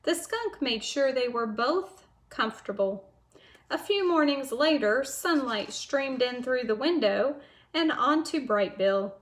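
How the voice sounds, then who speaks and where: Woman teacher, patient storyteller for kids, slightly high voice, slow pace. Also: lively intonation, a bit bright. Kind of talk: reading a chapter book aloud to children.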